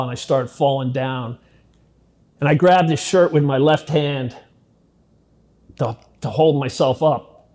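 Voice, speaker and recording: A middle-aged man giving an interview, telling his story bluntly and with a lot of profanity, dropping to a hush at some moments and growing loud and intense at others. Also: on the high side. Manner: blunt, profane, intense retelling that swings between hushed and loud. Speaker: interviewee recounting his past. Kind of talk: first-person storytelling in an interview.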